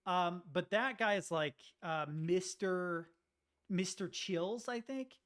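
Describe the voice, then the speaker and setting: A man's voice: high-pitched, slow pace. A man streaming, chatting casually and reacting to videos, rambling and swearing as he goes. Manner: profane, rambling, animated.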